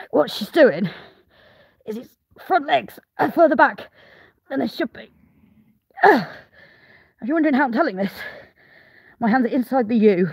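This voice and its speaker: A woman's voice: a little high, vocal fry, slightly rough. A woman filming a farm vlog in a sheep pen, coaxing and urging a ewe while she works and talking to viewers between sighs. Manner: effortful, sighing, swears while wrestling a sheep. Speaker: farmer vlogger.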